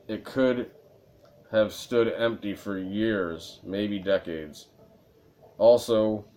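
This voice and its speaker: A man playing a video game and reading its dialogue aloud, with a sore throat from reading, and sometimes breaking into loud, exasperated rants. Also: lowish voice. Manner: reads flatly, then bursts into loud exasperated ranting. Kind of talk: let's play narration, reading text aloud.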